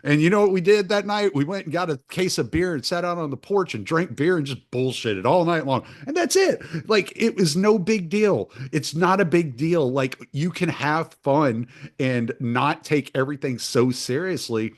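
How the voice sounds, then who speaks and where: A man's voice: fairly high pitch, expressive, moderate pace. Rambling middle-aged man telling stories. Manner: rambling storyteller with many restarts, laughs often. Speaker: podcast host. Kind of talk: casual chat.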